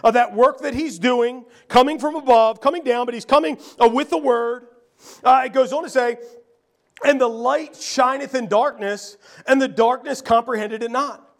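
High-voiced gravelly male preacher. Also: normal speed. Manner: preaching with frequent fillers and repeated phrases, rising to shouts. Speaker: pastor. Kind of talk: sermon.

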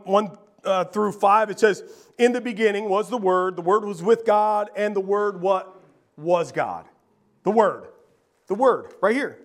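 A man's voice: extremely high pitch, gravelly, a bit bright. A man preaching a sermon, reading scripture aloud and repeating key phrases with frequent fillers. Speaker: pastor.

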